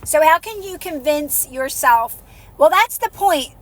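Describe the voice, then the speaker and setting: A woman's voice: high-pitched, a little slow. A woman hosting a live stream, giving soothing, repetitive encouragement in a casual coaching talk. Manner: soothing, repetitive, encouraging, drops softer when guiding calm. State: out of breath. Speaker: livestream host and manifestation coach.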